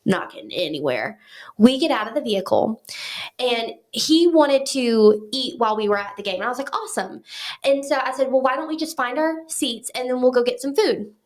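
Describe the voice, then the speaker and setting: A talkative woman with a fairly high voice is telling a story on a podcast. She sounds animated and chatty, and she acts out the other people's lines as she goes. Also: a little fast. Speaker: podcast guest. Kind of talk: casual storytelling chat.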